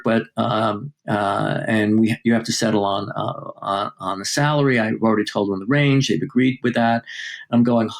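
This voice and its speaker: An older male journalist, a guest in an interview, telling stories with lively acted-out dialogue and plenty of fillers. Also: on the low side. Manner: lively anecdote-telling, acting out quoted dialogue, many fillers. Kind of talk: storytelling in a podcast interview.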